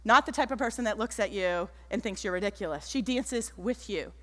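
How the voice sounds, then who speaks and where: A woman giving an animated keynote talk on stage, telling stories and acting out the people in them. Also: medium pitch, brisk. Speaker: keynote speaker. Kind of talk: motivational stage talk with storytelling. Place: large auditorium stage. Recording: echoey auditorium.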